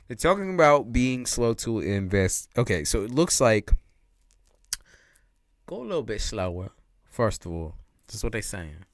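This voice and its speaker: A man's voice: on the low side, big pitch swings, unhurried, no echo. A man giving casual, slangy tarot readings on a live stream, laughing often and repeating his points. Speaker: tarot reader.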